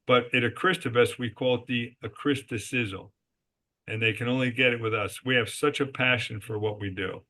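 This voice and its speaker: Forceful, emphatic man telling business stories. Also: medium pitch, steady tone, moderate pace. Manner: emphatic, answers his own rhetorical questions. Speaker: guest, resort company executive. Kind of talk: podcast interview storytelling.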